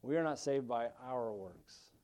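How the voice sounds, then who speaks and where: Mellow-voiced man preaching a sermon. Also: medium pitch, expressive, unhurried. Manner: preaching with emphatic rises and frequent restarts. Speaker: pastor.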